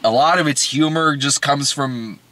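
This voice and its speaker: A man casually reviewing a film in conversation, animated and often laughing. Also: a little high, moderate pace, dry recording.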